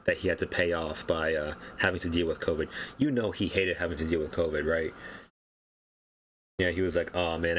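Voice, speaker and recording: Deep-voiced man rambling offhand commentary. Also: fairly bright tone, a little hiss or hum. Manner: rambling, offhand, chuckles at his own points. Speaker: political commentary YouTuber. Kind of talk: casual political commentary.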